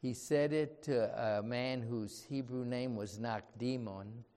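A man's voice: mid-range voice, takes it slowly, warm tone. A man preaching a sermon with emphasis, often putting rhetorical questions to his listeners. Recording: reverberant hall.

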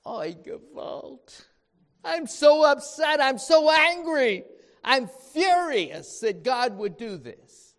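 A preacher acting out a furious biblical prophet. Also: male voice, very high voice, sing-song, slow, pitched above the performer's own voice, full character voice. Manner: loud, exasperated outbursts. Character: angry, indignant biblical prophet pleading with God. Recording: reverberant hall.

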